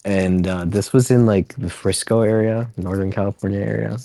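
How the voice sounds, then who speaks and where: A man's voice: lowish voice, steady tone, moderate pace, gravelly, warm tone, dry recording. Man casually rambling through stories. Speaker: podcast guest telling stories. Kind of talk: casual storytelling interview.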